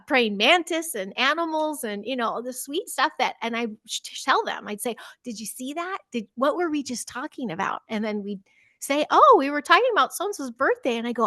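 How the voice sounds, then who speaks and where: Animated, laughing woman telling stories. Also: fairly high pitch, dry recording. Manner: animated storyteller, acts out children's voices, laughs often. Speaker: teacher and podcast guest. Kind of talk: casual interview chat.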